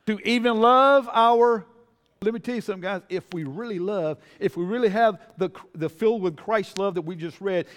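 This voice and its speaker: Middle-aged guy preaching, high voice, folksy, big reverb like a church hall. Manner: folksy preaching, calls on the congregation to answer, builds to loud emphatic peaks. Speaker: pastor. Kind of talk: sermon.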